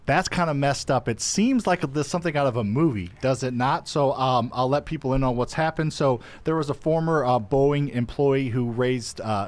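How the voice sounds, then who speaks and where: A man's voice: medium pitch, darkish tone. A man hosting a live show, chatting casually with jokes and lots of fillers. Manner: joking, rambling with many fillers. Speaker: show host.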